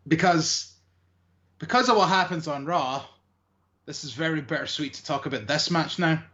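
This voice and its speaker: Man, fairly high voice, rambling chat, muffled lo-fi sound. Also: moderate pace, bright, forceful tone. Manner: rambling, hesitant with many fillers. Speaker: wrestling podcast co-host. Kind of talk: casual chat, recapping matches.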